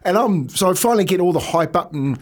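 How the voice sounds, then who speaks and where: Animated Australian man telling a yarn. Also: high voice, quick pace. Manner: laughs through his stories, animated. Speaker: podcast co-host, former footballer. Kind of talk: casual storytelling chat.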